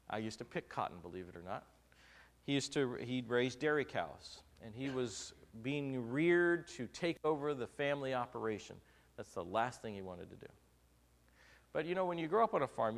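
A man preaching a sermon, telling humorous stories from his own marriage and swinging between loud and soft delivery. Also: medium pitch. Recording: long reverb of a large hall.

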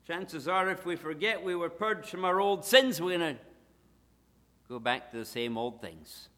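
Animated male preacher with dramatic swings. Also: on the high side, moderate pace, long reverb tail. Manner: emphatic, swinging from loud to hushed. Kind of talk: sermon.

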